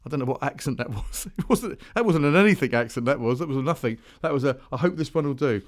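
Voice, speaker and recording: Male podcast host and musician, middle-pitched, rambling solo chat with lots of restarts. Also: animated, quick pace. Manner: rambling, chatty, full of restarts and asides. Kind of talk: casual solo chat between tracks.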